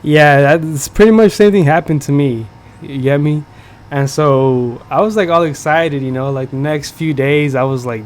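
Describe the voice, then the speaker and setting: A man's voice: on the high side, moderate pace, slight background noise. A young man from the United States hosting a podcast, telling a casual story in slangy, profane talk full of fillers. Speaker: podcast host. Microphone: streaming setup.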